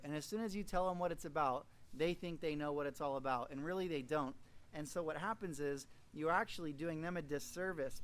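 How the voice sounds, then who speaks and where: A middle-aged man giving an energetic, folksy motivational training talk to new recruits, acting out little dialogues as he goes. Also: on the high side, a little hiss or hum. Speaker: network marketing trainer.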